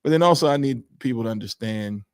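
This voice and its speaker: A man from Pittsburgh co-hosting a podcast, animated and opinionated, slipping into mimicked voices. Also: mid-range voice, fast talker, smooth. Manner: animated, acts out quoted voices while ranting. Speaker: podcast co-host. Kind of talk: casual opinion chat.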